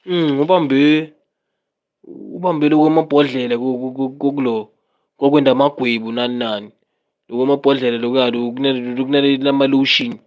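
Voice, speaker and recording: A man with a South African accent chatting casually on a livestream, rambling and animated, often switching between languages. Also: mid-range voice, a little fast, muffled recording.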